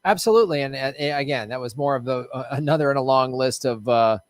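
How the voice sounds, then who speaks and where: A man's voice: mid-range voice, fast, no echo. Jokey man hosting a podcast. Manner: loose, profane, jokey, reads news aloud. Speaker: podcast host. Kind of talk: casual political chat.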